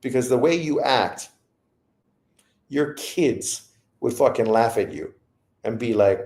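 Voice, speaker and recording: A man's voice: medium pitch, lively intonation, slow pace, pauses often, darkish tone, reverberant. A man hosting a boxing livestream who rants in profane commentary. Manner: profane, ranting. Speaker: boxing show host.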